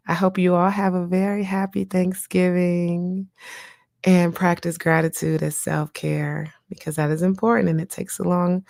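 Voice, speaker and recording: A woman hosting a casual podcast as a therapist, animated and encouraging, acting out her own inner voice as she talks. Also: fairly low pitch, dry recording, studio quality. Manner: encouraging, direct advice to listeners. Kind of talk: casual motivational podcast talk.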